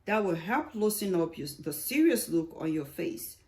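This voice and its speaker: A woman's voice: fairly low pitch, sing-song, normal speed, mellow. A woman voicing a nosy, chatty old male neighbor who teases and rambles in a friendly way.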